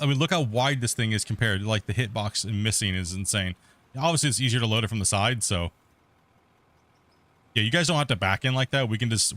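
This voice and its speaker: A man's voice: lowish voice, a bit bright. Middle-aged guy streaming a game, casual rambly chat, keeps restarting his sentences. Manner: rambling, laid-back, frequent restarts. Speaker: let's play host. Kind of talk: casual gameplay commentary.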